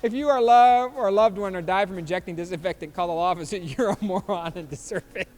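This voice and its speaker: A man's voice: high-pitched, fast, darkish tone, long reverb tail, faint music behind. A man in his fifties hosting a podcast, reacting to memes in a loose, joking way and laughing often. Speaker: podcast host. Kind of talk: casual chat reacting to memes.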